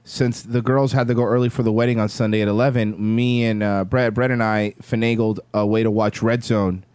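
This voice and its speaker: A man hosting a casual chat, animated and profane, often trailing off mid-sentence. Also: lowish voice, a little fast, clear, resonant tone, no echo.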